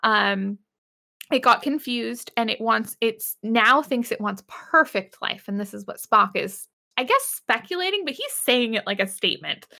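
Young woman host, laughing and swearing, bright voice, a bit high. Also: moderate pace, vocal fry. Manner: giggly, swearing, animated retelling. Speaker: podcast co-host. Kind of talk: casual episode recap.

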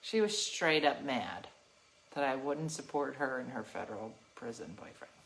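A middle-aged woman telling a story to her livestream viewers in an animated, sassy way, laughing often. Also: extremely low pitch, normal speed, gravelly, background noise. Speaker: livestream host.

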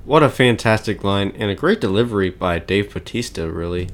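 Deep-voiced man chatting casually. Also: animated, brisk. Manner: enthusiastic, chuckles often, frequent fillers. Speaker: podcast host. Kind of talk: casual chat.

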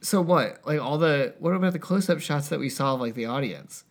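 A man's voice: a little high, brisk. A man co-hosting a podcast, chatting in a rambling way full of fillers, a little sleepy. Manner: lively, rambling, lots of fillers. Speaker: podcast co-host. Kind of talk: casual chat.

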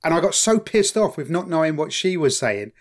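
A man with an East London accent, co-hosting a podcast in casual chat, telling stories in an animated, jokey way with some swearing. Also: on the high side, brisk. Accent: London English. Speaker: podcast co-host.

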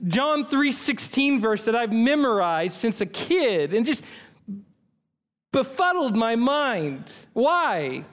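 A man's voice: extremely high pitch, sing-song, takes it slowly, a bit bright. A man preaching a sermon as pastor, earnest and emphatic, building on repeated phrases.

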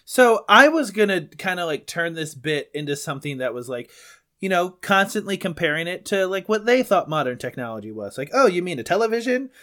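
A man's voice: fairly high pitch, sing-song, fairly quick, sharp tone. A man hosting a comedy podcast, leading bits in casual, upbeat banter. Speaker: podcast host.

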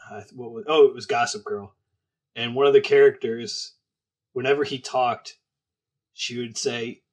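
A man's voice: medium pitch, steady tone, a little slow, long pauses. Give me an easygoing man co-hosting a film podcast, casual and laughing along. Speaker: podcast co-host.

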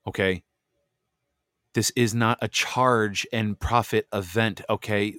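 Impassioned low-voiced man preaching. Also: fairly even intonation, takes it slowly, a bit bright, dry recording, studio quality. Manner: impassioned, preachy, addresses listeners directly. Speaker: podcast host. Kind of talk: heated religious podcast talk. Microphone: close desk microphone.

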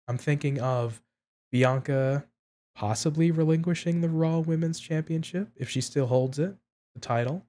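A man co-hosting a wrestling podcast, talking in a measured way and thinking aloud in casual chat. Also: mid-range voice, a little mellow. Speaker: podcast co-host.

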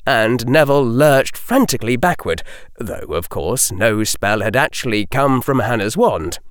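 A man reading an audiobook aloud in an expressive storytelling manner, close to a studio microphone. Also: mid-range voice, a little slow, clean tone, no room sound. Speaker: audiobook narrator. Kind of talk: scripted audiobook narration.

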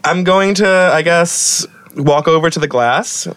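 A playful young man playing a tabletop game over a voice call. His voice sits a bit higher than most men's, and he is quick to break into giggles. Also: a bit bright, no room sound. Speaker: player. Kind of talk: casual tabletop play.

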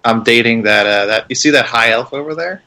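A man's voice: medium pitch, fairly quick, sharp tone. A man playing a tabletop role-playing game, speaking in character with flustered, rambling bluster. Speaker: player.

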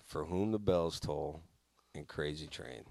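Man, very deep voice, lively swinging delivery, rambling casual radio chat, self-mocking. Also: a little slow, gravelly. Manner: rambling, self-mocking, swears and laughs often. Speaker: radio show host.

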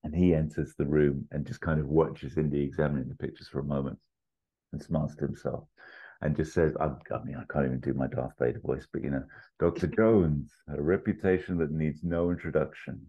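A man co-hosting a podcast, casually pitching a movie plot in a rambling way with many fillers. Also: level tone, fast talker, breathy edge, muffled recording. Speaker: podcast co-host.

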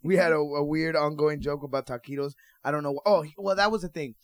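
A man's voice: on the high side, steady tone, fast talker, no room sound. A man chatting casually with friends, joking and laughing often. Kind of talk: casual chat.

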